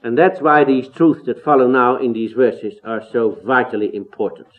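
A man's voice: medium pitch, steady tone, normal speed. A man preaching an expository sermon, earnest and emphatic, with rhetorical questions and rising exclamations. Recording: tinny phone-like sound.

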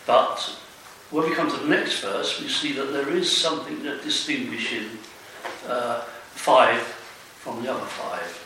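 Man, bright voice, very slow and halting, Bible study comments, far from the mic, strong echo. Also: mid-range voice. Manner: halting and hesitant, with many "uh"s. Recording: echoey room, distant mic, faint hiss.

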